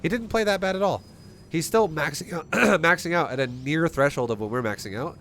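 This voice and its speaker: A man streaming a strategy game, explaining his play in an animated, swearing, rhetorical way. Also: fairly high pitch, brisk, slight background noise. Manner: animated, profane, rhetorical questions. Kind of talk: live-stream commentary.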